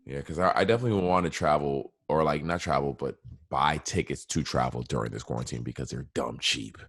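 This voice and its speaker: A man with a very deep, gravelly voice talks loosely and keeps cutting in with questions. He speaks in casual, slangy podcast chat. The sound is dry and close. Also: brisk, a bit bright, dry recording. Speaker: podcast co-host.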